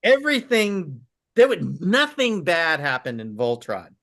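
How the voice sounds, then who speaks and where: A man's voice: on the high side, very animated, unhurried, gravelly, fairly bright tone. A man talking as a podcast guest, telling memories eagerly in a rambling way and acting out quoted lines. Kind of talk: casual interview chat.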